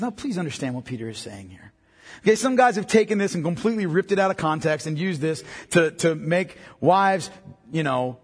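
Male pastor, middle-aged, husky and high-pitched, joking sermon delivery, long reverb. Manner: joking asides with a congregation. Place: church hall.

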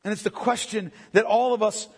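A man preaching a sermon as pastor, emphatic, swinging from loud declarations to hushed, intimate passages. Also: high-pitched, fairly even intonation, fairly quick, breathy edge, long reverb tail.

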